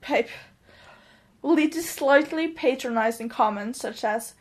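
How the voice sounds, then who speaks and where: A woman's voice: high voice, moderate pace, a little hiss or hum. A young woman from Norway, speaking English as a second language with an accent that mixes American and British, rambling and joking at herself while tipsy late at night. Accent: Norwegian-tinged mix of American and British English. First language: Norwegian. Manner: rambling and self-mocking, trailing off and restarting. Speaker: vlogger.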